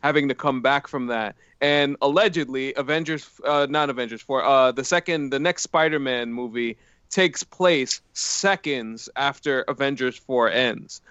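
A man on a podcast panel speaking in a measured, thoughtful way. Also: mid-range voice, fairly bright tone, clean tone, no echo, dull audio. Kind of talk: casual chat.

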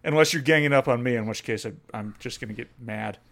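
Regular-pitched guy cohosting, swears a lot, laughing asides. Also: quick pace, gravelly, a bit bright. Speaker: podcast co-host. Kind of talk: casual chat.

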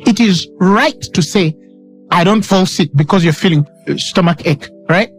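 A man's voice: sits high, moderate pace, soft background music. A man preaching a sermon with emphatic delivery, repeating lines for stress and quoting scripture dramatically.

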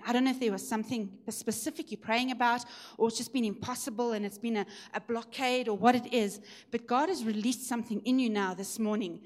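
A middle-aged woman preaching a Sunday sermon, emphatic and animated, lifting her voice high when she acts out shouting. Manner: emphatic, swings pitch up for acted shouts.

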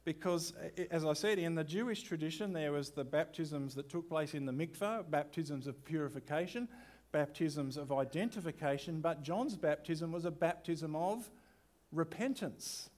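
Conversational pastor preaching. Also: male voice, fairly high pitch, normal speed, a little mellow. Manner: conversational preaching with rhetorical questions. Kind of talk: sermon.

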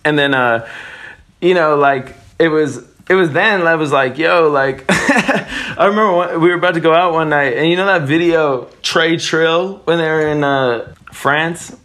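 A man's voice: a little high, unhurried, a bit bright. A man telling stories in a casual interview, swearing freely and laughing often between lines. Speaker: guest skater.

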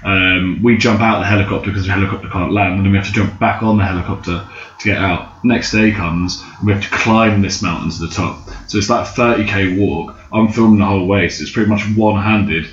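Young man, low-ish voice, rambling storyteller with swearing, in a roomy room on a slightly dull recording. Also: fairly even intonation, fast, slight background noise. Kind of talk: casual chat.

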